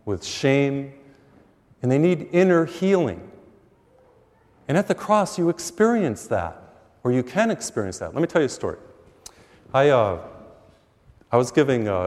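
A priest preaches to his congregation with lively energy, slipping into the voices of the people in his stories. His mid-pitched voice carries a long reverb from the church hall where he is being taped for TV. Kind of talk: sermon with storytelling.

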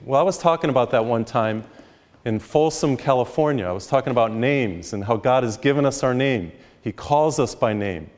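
A man preaching a sermon as a priest, telling humorous stories and acting out characters with pitch jumps. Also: darkish tone. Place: church retreat, live. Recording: long reverb of a live hall.

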